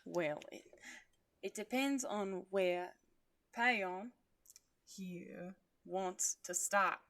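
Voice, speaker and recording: A woman doing a booming creature guy with a strange accent. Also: unhurried. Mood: easygoing. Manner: loud, booming, hard-to-place put-on accent. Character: boisterous male creature with an odd accent.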